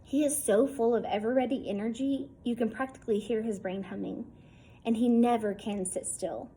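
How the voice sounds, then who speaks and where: A woman's voice: a little high, steady tone, normal speed, dark tone, slight background noise, low-quality recording. A woman reading a novel aloud in a casual, wry first-person storytelling tone. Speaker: audiobook reader.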